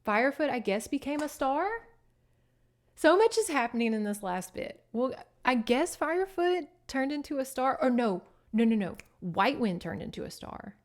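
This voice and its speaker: Woman podcast host, higher voice, animated and profane book recap, chatty. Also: normal speed.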